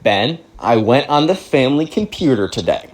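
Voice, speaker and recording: A man voicing a stern middle-aged mother with measured, clipped scolding. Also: mid-range voice, very animated, natural voice, low-quality recording.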